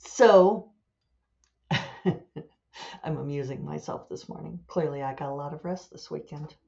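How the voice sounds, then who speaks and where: A woman's voice: low-pitched, slow pace, creaky, dark tone, muffled recording. A woman author chatting casually and rambling, amused at her own asides as she thinks aloud. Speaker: author and podcast host. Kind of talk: casual solo chat.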